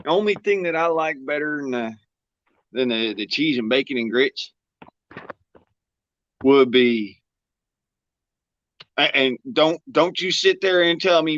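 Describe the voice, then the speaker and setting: A man's voice: medium pitch, expressive, measured pace, long pauses, bright, forceful tone, dry recording. Drawling man, muffled mic. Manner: drawling, profane, joking. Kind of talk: casual chat.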